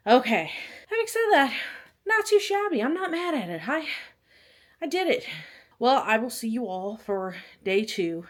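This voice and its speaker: Using a clip-on mic in her living room, a young woman films a chatty workout vlog, rambling and making self-deprecating jokes. She sounds very animated, her voice a little high and her pace a little slow.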